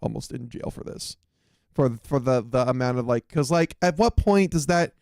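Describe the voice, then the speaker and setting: A man streaming, reacting to a video in casual commentary, excitable and stumbling over restarts. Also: medium pitch, moderate pace, gravelly, no echo, clean studio sound.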